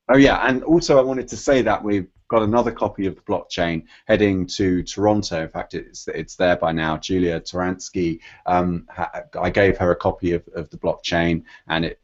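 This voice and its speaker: A man with a fairly low voice chats casually and rambles as a podcast panelist. The recording sounds muffled and lo-fi. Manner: rambling, chatty. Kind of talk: casual chat. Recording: dull lo-fi podcast audio.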